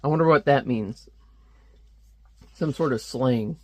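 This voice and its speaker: A man's voice: mid-range voice, measured pace, a little mellow, no room sound. Rambling, offhand male comic reviewer. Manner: rambling, offhand, with frequent fillers. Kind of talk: casual commentary.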